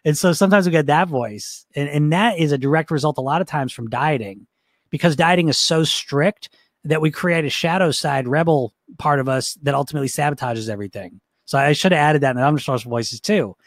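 A man teaching like a coach, talking casually, often repeating his words and filling pauses. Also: fairly high pitch, dry recording, clean studio sound. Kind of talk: motivational teaching talk.

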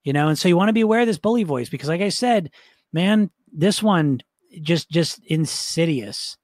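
A man's voice: fairly high pitch, expressive, moderate pace, darkish tone, no room sound, clean studio sound. A man giving a casual coaching lecture, upbeat, checking in with "right?" often. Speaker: weight-loss coach.

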